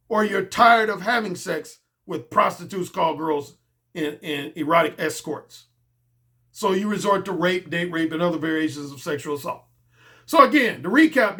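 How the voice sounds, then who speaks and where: Man, middle-aged, dating coach monologue, blunt, emphatic, bright tone. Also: high-pitched. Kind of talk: solo commentary monologue.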